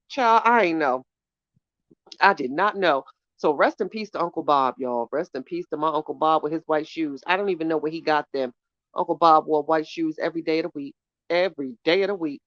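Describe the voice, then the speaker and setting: A woman's voice: low-pitched, fairly quick, dry recording. Blunt, profane woman podcast host. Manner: blunt, profane, gossipy storyteller. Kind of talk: casual chat reacting to live chat. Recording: dull lo-fi dry sound.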